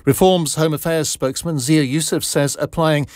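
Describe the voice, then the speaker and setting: A man reading a radio news bulletin in a measured, formal way from a studio. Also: on the high side, fairly even intonation, a little mellow, dry recording. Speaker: newsreader.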